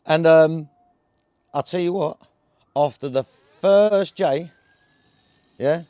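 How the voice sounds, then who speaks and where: A man's voice: fairly high pitch, takes it slowly, dark tone, clear, resonant tone, no room sound. A man talking casually to camera in a rambling vlog. His speech is slangy and loose, full of fillers and "yeah?" checks. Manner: slangy, chatty, full of fillers and tag questions. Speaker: cannabis vlogger.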